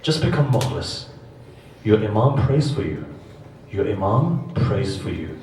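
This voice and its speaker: A man's voice: on the low side, very animated, unhurried, mellow, a little hiss or hum. A man preaches, driving a story forward with rhetorical questions and phrases he repeats for weight. He sits well back from the microphone in a roomy, echoing hall, and a faint murmur of the room sits under his voice. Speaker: preacher at a mourning gathering. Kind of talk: sermon. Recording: echoey distant hall recording.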